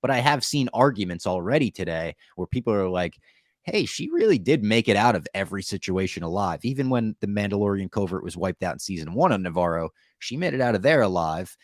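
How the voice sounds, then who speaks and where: Man, podcast co-host, casual episode recap, deep voice, dry room. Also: no room sound. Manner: animated, laughing, recapping plot beats. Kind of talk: casual show recap chat.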